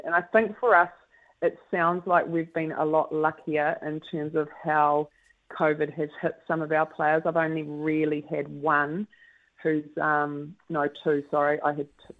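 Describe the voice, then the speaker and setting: New woman coach on a phone line. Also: low voice. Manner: thoughtful, with frequent fillers and laughs. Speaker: netball coach guest. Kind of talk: casual radio interview. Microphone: phone call.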